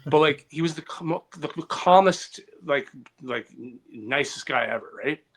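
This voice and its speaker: A man's voice: on the high side, unhurried, a bit bright. A man hosting a comedy podcast, rambling through anecdotes with restarts and acted quotes. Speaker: podcast host. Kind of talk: casual comedy podcast storytelling.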